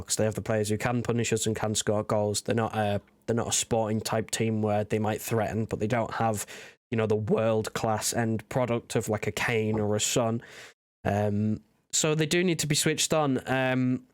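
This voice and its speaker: Flat, smooth-voiced man. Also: lowish voice, moderate pace, no echo, clean studio sound. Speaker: podcast co-host. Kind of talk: casual football chat.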